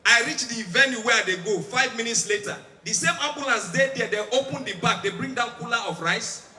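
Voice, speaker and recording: A man's voice: very high-pitched, fairly quick, sharp tone, soft background music. A man with a Nigerian accent doing stand-up comedy, telling stories in Pidgin and mimicking sirens and other people's voices. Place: large outdoor stage. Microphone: stage microphone. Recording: echoey live venue, mic at a distance.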